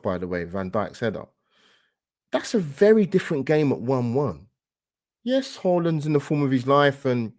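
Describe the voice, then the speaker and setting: A man's voice: lowish voice, darkish tone. A man in casual podcast chat who rants with passion and fires off rhetorical questions. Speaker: football podcast guest.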